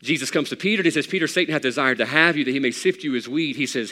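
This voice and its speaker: Preacher, male, bright tense voice, hushed to fervent delivery, church hall reverb. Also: medium pitch, very fast. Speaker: pastor. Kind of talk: sermon.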